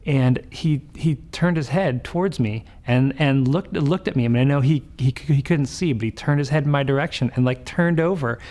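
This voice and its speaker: A father telling an excited story in an interview, stumbling and repeating himself. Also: medium pitch, moderate pace, few pauses.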